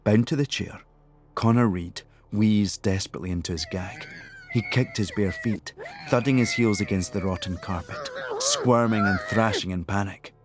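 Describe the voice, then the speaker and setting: A man narrating an audiobook thriller in a measured, tense storytelling manner. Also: on the low side, huge pitch swings. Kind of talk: scripted narration.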